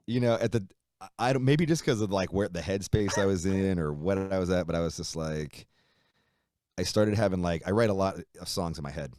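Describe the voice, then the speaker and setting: A man being interviewed, telling a long story in a casual, animated way, swearing freely and acting out the people in it. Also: deep voice, brisk. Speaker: musician guest.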